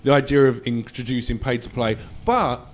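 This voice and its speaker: A man's voice: mid-range voice, normal speed. A man hosting a comedy podcast, chatting casually in a rambling, profane, self-mocking way. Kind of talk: casual chat.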